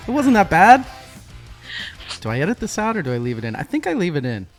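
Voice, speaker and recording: A man hosting a podcast, chatty and quick to laugh as he asks questions. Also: medium pitch, wildly swooping pitch, soft background music. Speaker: podcast host. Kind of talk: casual interview chat.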